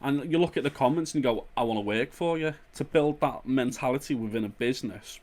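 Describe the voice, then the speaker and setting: A man's voice: mid-range voice, a little fast, a little mellow. A man with a Liverpool accent hosting a podcast, telling blunt, sweary stories with a laugh. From Liverpool, England. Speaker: podcast host. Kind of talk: casual podcast chat.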